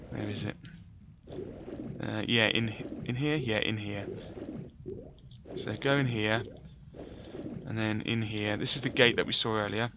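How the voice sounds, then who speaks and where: Casting: easygoing gamer narrating his playthrough, lowish crisp voice, dull lo-fi mic with faint hiss. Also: steady tone, measured pace, long pauses. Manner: chatty, self-correcting, offhand. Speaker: gaming commentator. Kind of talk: let's play commentary.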